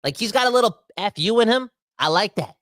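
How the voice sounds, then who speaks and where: A young man hosting a casual podcast, rambling and animated, swinging between fired-up outbursts and quieter asides. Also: high voice, fast, heavy background noise. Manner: rambling with frequent restarts and self-corrections. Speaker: podcast host. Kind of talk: casual ranting podcast talk.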